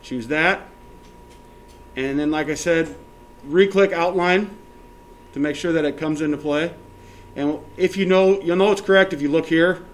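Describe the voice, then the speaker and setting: A male teacher giving a classroom software lesson step by step, often checking that everyone is following and counting options aloud. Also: fairly high pitch, unhurried, pauses often.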